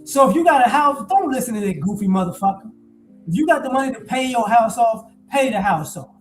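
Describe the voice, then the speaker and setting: A man's voice: very high voice, brisk, over music, rough recording. Profane, ranting man in his forties. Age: 40s. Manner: blunt, profane, animated ranting. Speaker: commentator. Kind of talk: casual monologue.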